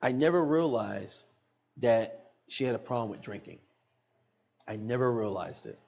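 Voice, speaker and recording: A man's voice: medium pitch, expressive, unhurried, vocal fry, darkish tone, lo-fi sound. A middle-aged man, a podcast guest, telling an emotional personal story in earnest, repeating phrases for emphasis, recorded in a studio.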